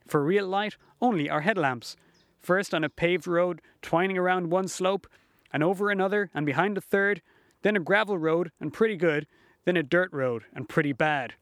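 Male narrator, folksy first-person storyteller, slightly high voice, dry read. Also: normal speed, fairly bright tone, no room sound.

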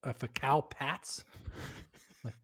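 A man's voice: mid-range voice, slow, fairly bright tone, slightly rough. An American man co-hosting a podcast, quizzical and eager, laughing often. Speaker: podcast co-host. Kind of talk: casual comedic chat.

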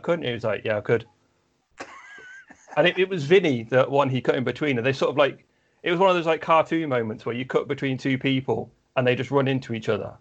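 A man in relaxed conversation, spinning stories with plenty of restarts and asides. He sits at a middle pitch. The recording sounds a little dull and lo-fi. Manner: chatty storyteller, many restarts. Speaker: podcast guest or co-host, flag football player. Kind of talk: casual chat, anecdotes.

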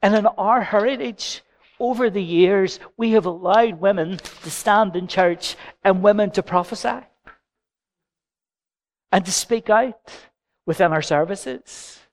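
A man, a pastor preaching a sermon in church with gentle humour and personal stories. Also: high-pitched, a little slow. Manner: anecdotal, gently humorous preaching.

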